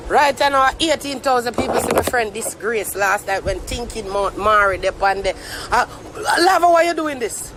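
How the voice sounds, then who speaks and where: A man's voice: extremely high pitch, animated, moderate pace, pushed and bright, slight background noise. A young Jamaican man ranting on a live stream, mock-tearful and theatrical. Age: young adult. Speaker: social media commentator.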